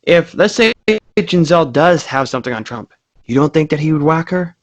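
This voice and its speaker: A man's voice: a little high, fairly quick. Blunt, profane man on a podcast. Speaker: podcast co-host. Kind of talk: casual comedic podcast banter.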